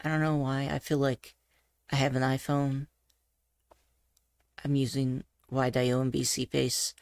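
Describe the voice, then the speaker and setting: A woman's voice: rumbling low, little pitch movement, unhurried, a little mellow, clear, resonant tone, no echo, clean studio sound. A woman casually teaching voice training, thinking aloud with asides and self-corrections as she explains. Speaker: voice coach. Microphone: desk mic on a face-tracked avatar setup.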